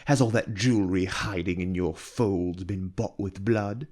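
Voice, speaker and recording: A man voicing an icy, scornful noblewoman. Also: sits low. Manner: slow, hushed, icy and disdainful. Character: cold, calculating noblewoman lady of a castle.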